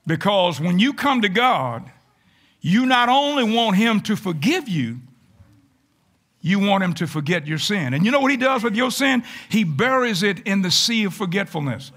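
A man, a pastor, preaching a folksy, animated sermon to his congregation in church, sometimes rising to shouts. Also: high voice, moderate pace. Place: church sanctuary.

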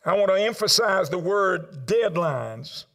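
An older man preaching a sermon to a congregation in a rhythmic call-and-response style, swinging between loud sung exclamations and low murmured asides. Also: expressive, a little slow, creaky. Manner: addresses congregation directly, asks them to write down points.

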